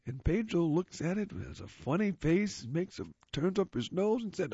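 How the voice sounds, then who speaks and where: A man's voice: on the high side, very animated, normal speed, hardly any pauses, mellow, slightly rough, no room sound. A man reading a magazine aloud for a radio reading service, describing the pictures off the cuff in a casual way. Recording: muffled lo-fi recording.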